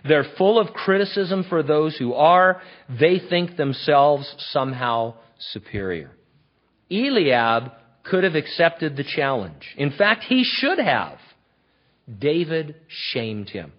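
Male preacher, sermon delivery, emphatic and conversational. Husky tone, fairly high. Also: sing-song, slow. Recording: dull lo-fi recording.

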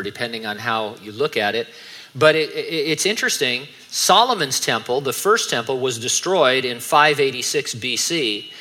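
Bright-voiced man preaching a casual sermon. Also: medium pitch. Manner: conversational, joking asides between scripture teaching. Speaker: pastor.

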